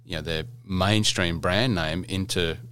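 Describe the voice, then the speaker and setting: A man's voice: low voice, fairly even intonation, measured pace, a bit bright, slight background noise. A man hosting a podcast interview, speaking conversationally and thinking aloud with lots of "you know". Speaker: podcast host.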